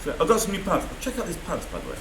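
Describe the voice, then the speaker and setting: A man's voice: high voice, wildly swooping pitch, racing, vocal fry, roomy sound, noisy background. A man rambling through an unscripted video diary from a room in a mental health hospital, swearing often. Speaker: vlogger.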